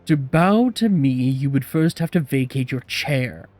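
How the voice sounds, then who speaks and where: A man voicing a disdainful, sharp-tongued male café owner who talks in clipped, insulting lines. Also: mid-range voice, animated, measured pace, faint music behind, lightly acted. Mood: scornful.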